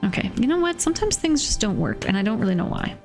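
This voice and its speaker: A woman's voice: a little high, very animated, fast, creaky, darkish tone, soft background music. Chatty woman streaming a cozy game. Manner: chatty, giggly, swears offhandedly. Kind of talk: casual gameplay commentary.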